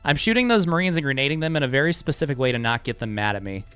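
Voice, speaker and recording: A man's voice: mid-range voice, lively intonation, racing, a bit bright, clean tone, faint music behind. A man chatting casually with his live-stream chat while speedrunning a game, joking sarcastically and swearing freely.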